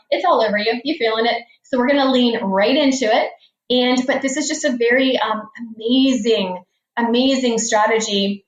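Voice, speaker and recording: A woman in her forties speaking as a financial coach, with a fairly high voice. She tells stories earnestly and leans on repeated phrases. The sound is roomy and a little dull, like a lo-fi podcast. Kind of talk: podcast interview storytelling. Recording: echoey room, dull lo-fi sound.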